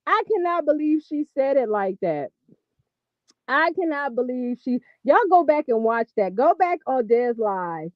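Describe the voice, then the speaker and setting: Give me a woman with a high voice doing profane, exasperated gossip commentary, recorded on a dull, dry mic. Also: unhurried, no echo. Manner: animated, profane, exasperated rambling. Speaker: vlogger.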